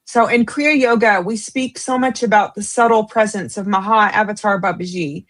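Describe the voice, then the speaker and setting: A woman co-hosting a spiritual talk, upbeat and quick to laugh as she puts questions to the host. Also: mid-range voice, a bit bright. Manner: upbeat, laughs easily, short agreeing replies. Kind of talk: casual interview chat.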